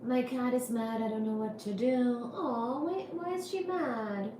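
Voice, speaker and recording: A woman hosting a casual livestream, reading chat comments in a playful, laughing way. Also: a little high. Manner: playful, laughs often, soft and drawn-out. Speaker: livestream host. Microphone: iPad. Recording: roomy echo with faint background noise.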